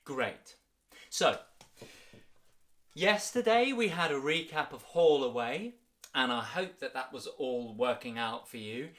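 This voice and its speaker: A man leading a children's music workshop, energetic and encouraging, in an upbeat sing-song way. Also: medium pitch, takes it slowly, pauses often.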